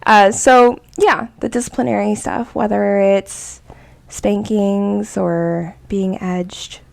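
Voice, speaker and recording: A woman co-hosting a casual podcast, chatting in a relaxed way with lots of fillers. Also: mid-range voice, takes it slowly, gravelly. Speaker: podcast co-host.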